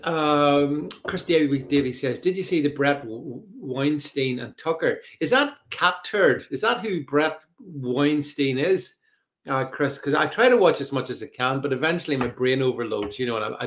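A middle-aged man hosting a live podcast, chatting casually, reading out viewer comments and filling pauses with ums and uhs. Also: fairly high pitch, a bit bright. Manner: chatty, reads out viewer comments, frequent fillers. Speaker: podcast host. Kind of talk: live podcast chat with co-host.

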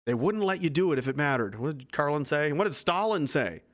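A man's voice: fairly high pitch, lively intonation, fairly quick. A man in his twenties hosting a livestream, delivering an angry, profane, sarcastic political rant. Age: 20s. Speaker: livestream host.

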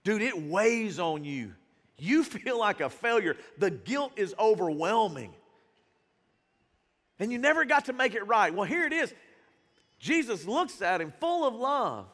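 A man's voice: high voice, big pitch swings, unhurried, fairly bright tone. A man preaching a sermon as pastor in a casual, slangy style, speaking in a church. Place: church sanctuary. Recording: reverberant church hall.

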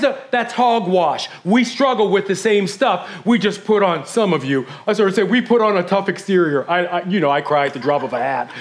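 A middle-aged man preaching a sermon as pastor, fast and intense, swinging from hushed whispers to loud bursts. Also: sits high.

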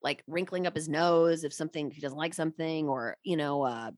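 A woman who narrates audiobooks, chatting as a podcast guest in an expressive, playful way. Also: low voice, a little fast. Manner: animated and expressive, with playful restarts. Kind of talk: casual podcast chat.

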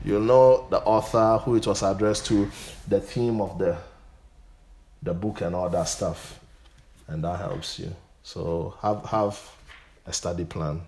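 A pastor teaching a Bible study, often stopping to say "Amen". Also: male voice, low voice, fairly even intonation, measured pace, a little mellow, roomy sound. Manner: punctuates points with "Amen".

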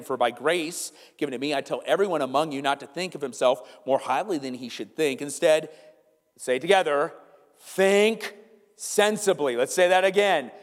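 A man, preaching a sermon and telling a family story in an animated way, asking the congregation questions. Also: medium pitch, long reverb tail. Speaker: pastor. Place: church sanctuary.

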